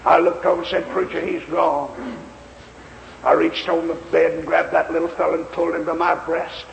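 A male preacher tells a story in a high, gravelly voice with a folksy, emphatic delivery. The sermon rings through a large, echoing hall with a long reverb tail and a faint hiss in the background. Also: completely flat delivery, fast. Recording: echoey hall, faint noise.

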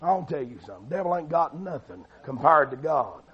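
Husky shouting preacher man. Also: big pitch swings, fairly quick. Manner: swings between loud shouting and low quiet delivery. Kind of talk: fiery revival sermon. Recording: dull lo-fi recording.

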